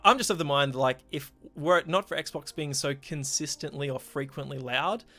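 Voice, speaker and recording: A man's voice: a little high, normal speed, bright, forceful tone. A man guesting on a podcast, chatting casually and thinking aloud.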